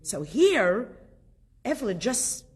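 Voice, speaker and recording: A middle-aged woman with a slightly husky, breathy voice leads a relaxed group study class. She talks in a lively, chatty way and keeps asking her students questions. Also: a little high, slow. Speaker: Torah class teacher.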